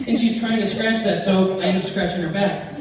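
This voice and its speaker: A male comic with a high-pitched, fairly even voice delivers a brisk stand-up set of crude, brash anecdotes, voicing other characters' quotes. Audience laughter fills the noisy background, and the club sounds echoey, as if captured from a distance.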